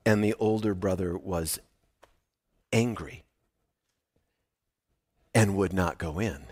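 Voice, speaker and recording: Guy preaching a sermon, animated storyteller, dry close sound. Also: deep voice, takes it slowly, pauses often, slightly rough, no echo. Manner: animated storytelling, swinging from hushed to loud. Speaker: pastor.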